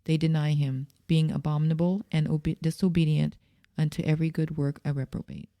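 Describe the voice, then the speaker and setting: A woman co-hosting a talk show, calmly reading scripture aloud and giving short, agreeing replies. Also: sits low, brisk, creaky, no room sound. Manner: calm, brief agreeing replies. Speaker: co-host.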